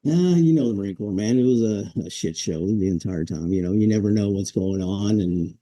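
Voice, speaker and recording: Male vet guest, 40s, deep mellow tone, easygoing anecdotes, dry close mic. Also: a little fast, no echo. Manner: laid-back, chuckles, acts out quoted drill instructors. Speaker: podcast guest, Marine veteran. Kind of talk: casual storytelling interview.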